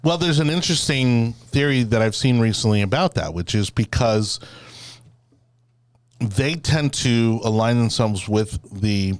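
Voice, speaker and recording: A man's voice: medium pitch, expressive, measured pace, dry recording. A man hosting a casual political podcast chat, rambling with lots of fillers and restarts. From Florida. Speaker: podcast host.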